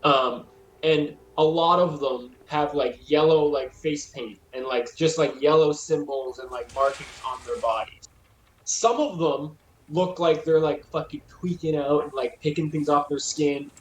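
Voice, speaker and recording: A man's voice: fairly high pitch, measured pace, slight background noise. A young man narrating as game master in a rambling way, full of fillers. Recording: roomy sound with faint music.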